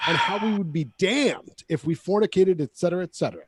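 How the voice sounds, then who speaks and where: A man co-hosting a comedy podcast, reading a listener letter aloud in a joking, drawn-out way. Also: high voice, crowd noise. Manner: joking, drawn-out delivery with laughs.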